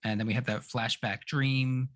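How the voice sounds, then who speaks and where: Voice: medium pitch, steady tone, moderate pace, no echo. A podcast co-host recapping in easygoing casual chat.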